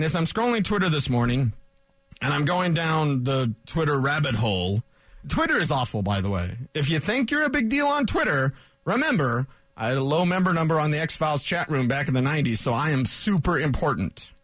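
A man hosting a solo sports talk radio show in a studio, fired up and loud, rambling with sarcastic asides. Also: a little high, sing-song, brisk, dry recording.

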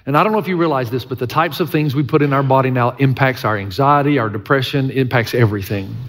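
A man's voice: mid-range voice, fast talker. A middle-aged male pastor preaching a sermon, earnest and emphatic, with folksy humor and repeated key lines. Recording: long church-hall reverb.

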